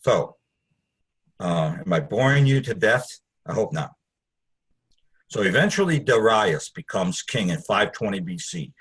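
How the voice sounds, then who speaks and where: A man's voice: lowish voice, very animated, unhurried, pauses often, a bit bright, slightly rough. A man teaching a Bible study, conversational and digressive, with asides to his listeners.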